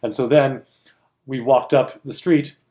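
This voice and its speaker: A man co-hosting a film industry chat speaks in a mellow, medium-pitched voice with a steady tone, a little slowly. He tells a story casually and animatedly, laughing often and acting out the voices he quotes.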